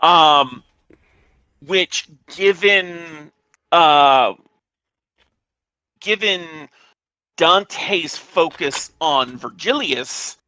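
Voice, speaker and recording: Man, slow careful talker, hesitant, bright tone, slightly high, dry close sound. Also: no room sound, rough recording. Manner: hesitant, reads passages aloud carefully, many fillers. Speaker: podcast co-host. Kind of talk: casual discussion.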